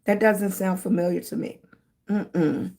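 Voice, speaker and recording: A woman's voice: mid-range voice, measured pace, gravelly, warm tone. A middle-aged woman hosting a casual live stream, chatting with viewers and greeting them with pet names like baby and sweetie. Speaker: livestream host.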